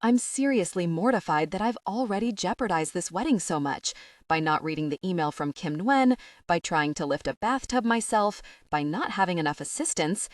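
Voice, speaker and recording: Expressive woman narrating an audiobook. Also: on the low side, normal speed, no room sound, clean studio sound, distant mic. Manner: expressive, wry, lively storytelling. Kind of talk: first-person audiobook narration.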